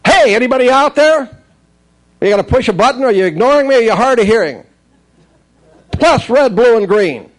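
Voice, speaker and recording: Guy doing a bratty talking toy game, high-pitched and mocking, loud and jeering. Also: expressive, normal speed, pauses often, low-quality recording. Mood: taunting. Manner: taunting, sarcastic. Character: snotty insulting talking electronic toy game.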